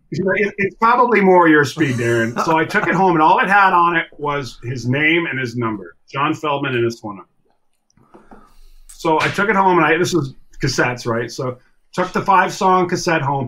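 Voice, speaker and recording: A middle-aged man telling a story as a podcast guest, animated and swearing freely as he acts out other people's lines. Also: on the high side, normal speed, slight background noise, low-quality recording. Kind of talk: casual storytelling.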